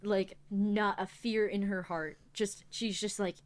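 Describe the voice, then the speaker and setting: A woman's voice: mid-range voice, fairly even intonation, a little slow. A woman playing a tabletop role-playing game, hesitant and full of ums while describing her character. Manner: hesitant, many "um" and restarts. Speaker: player.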